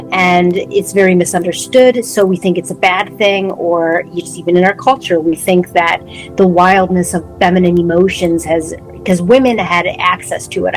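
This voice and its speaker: A woman's voice: on the low side, rough recording. A woman co-hosting a podcast, talking through spiritual ideas in a reflective, word-searching way. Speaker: podcast co-host. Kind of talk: casual spiritual conversation.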